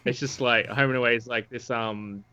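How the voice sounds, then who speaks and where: A man's voice: medium pitch, steady tone, moderate pace, pushed and bright, smooth, dull audio. An Australian man in casual chat, laid-back, swearing freely and laughing often.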